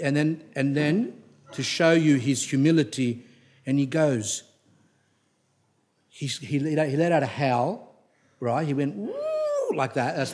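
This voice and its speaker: A middle-aged man giving a religious talk, telling stories in a digressive way and often restarting his sentences, turning blunt and emphatic when he scolds. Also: on the high side. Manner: digressive, anecdotal, with frequent restarts. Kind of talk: rambling spoken religious talk.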